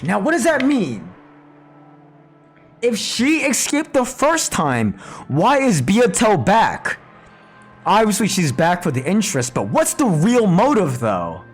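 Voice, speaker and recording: A man streaming a visual novel playthrough live, theorizing aloud in an excitable, profane way. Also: high-pitched, slow pace, husky, soft background music.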